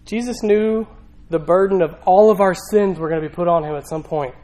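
A male pastor preaches a sermon in a church, speaking conversationally with rhetorical questions and emphatic repetition. His voice is high-pitched, brisk, and warm, though the audio is poor.

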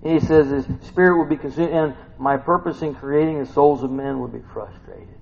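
A man preaching a sermon, reading scripture and expounding on it, dropping to hushed asides and rising to loud exclamations, musing with hums between points. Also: on the high side, steady tone, a little fast, creaky. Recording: dull lo-fi recording with faint background noise.

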